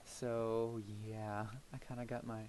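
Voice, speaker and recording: A young male let's-play host chats casually and meanderingly in a mid-range voice, thinking aloud and muttering to himself while he builds, then trailing off into soft murmurs. The audio is poor, with a little hiss or hum.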